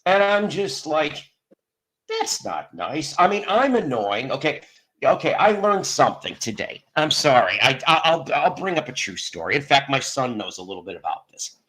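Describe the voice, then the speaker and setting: A man's voice: medium pitch, very animated, fairly quick, pushed and bright. A middle-aged man hosting a live stream, chatting casually and rambling through stories with frequent restarts. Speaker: host of a live stream show. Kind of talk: casual chat.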